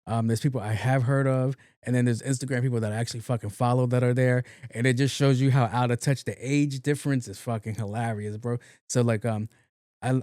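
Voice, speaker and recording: A young man hosts a casual solo podcast. His talk is loose and full of profanity, rambling through fillers at a mid pitch. The sound is close and dry, with no room in it. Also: a little mellow, no room sound. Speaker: podcast host.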